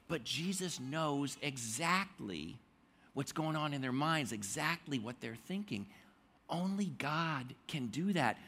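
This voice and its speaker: A man preaching a sermon as pastor, telling the story in an animated way and acting out the quotes. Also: a little high.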